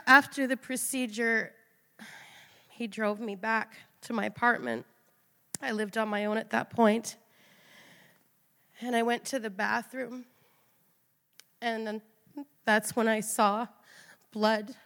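A woman's voice: fairly high pitch, fairly even intonation, slow, long pauses, bright, forceful tone. A woman giving an emotional personal testimony in an earnest, confessional way. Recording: long hall reverb.

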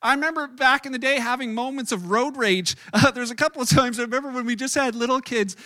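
A middle-aged man, a pastor, preaching a sermon through animated, self-mocking stories with acted-out quotes. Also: very high-pitched, fast. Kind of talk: storytelling sermon.

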